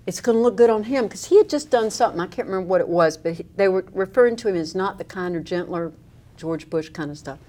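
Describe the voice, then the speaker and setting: Lower-pitched woman telling a wry story. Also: quick pace. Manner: animated storyteller with wry humor. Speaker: interviewee. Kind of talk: storytelling in a recorded interview.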